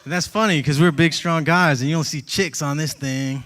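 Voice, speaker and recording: A man doing a stand-up comedy set, telling stories in an animated way and acting out voices, on a club stage with a handheld mic. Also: on the high side, normal speed. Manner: animated storytelling, acts out voices.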